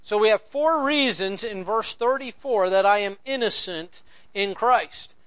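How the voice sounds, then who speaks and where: Man, pastor, sermon, very high-pitched, unhurried, repeats key phrases, loud-to-hushed swings. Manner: preaching with sweeping swings from loud emphasis to near-whispered lows; slow deliberate repetition of key phrases.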